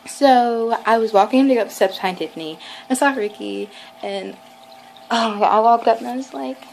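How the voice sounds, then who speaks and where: A woman's voice: on the high side, fairly quick, gravelly, darkish tone, a little hiss or hum, low-quality recording. A woman, telling a rambling story to camera at home with lots of fillers. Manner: rambling and chatty, with many fillers and restarts. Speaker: vlogger.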